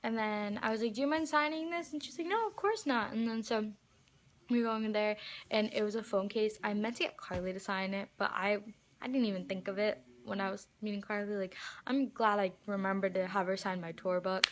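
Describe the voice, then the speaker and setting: A young woman vlogging an excited fan storytime, gushing and full of fillers. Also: medium pitch, fairly quick, a little hiss or hum.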